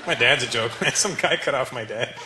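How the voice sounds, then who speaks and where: A male stand-up comedian teases a live audience in a conversational way, his medium-pitched voice fairly quick. The recording is very noisy, full of loud crowd laughter.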